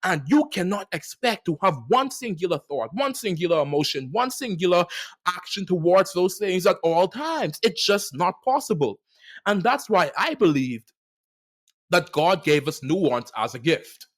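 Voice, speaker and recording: Animated young man hosting a podcast. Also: normal speed. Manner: animated, playful riffs with big swings in pitch and loudness. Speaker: podcast host. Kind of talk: reflective solo podcast monologue.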